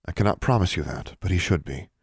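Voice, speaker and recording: A man reading an audiobook, voicing a stern, composed woman official in a measured, formal way. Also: sits low, expressive, husky, dry recording, clean studio sound, heavily acted. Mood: cool, formal.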